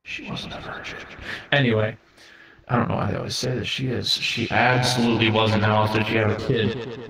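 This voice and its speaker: A man's voice: lowish voice, flat delivery, a little fast, creaky, fairly bright tone, low-quality recording. A man improvising a comedic role-play as God, rambling and profane, often cutting himself off mid-sentence. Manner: rambling, profane, self-interrupting. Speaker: streamer.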